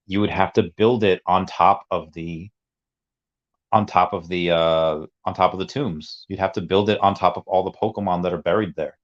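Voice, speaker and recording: A man on a casual livestream, rambling through a long story with many restarts and asides to chat. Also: low voice. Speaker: streamer. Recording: dull lo-fi sound.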